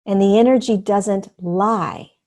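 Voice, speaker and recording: A middle-aged woman talking as a podcast guest, earnest and animated, acting out the voices of other people. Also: mid-range voice, takes it slowly, creaky. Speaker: podcast guest, spiritual teacher. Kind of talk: conversational interview.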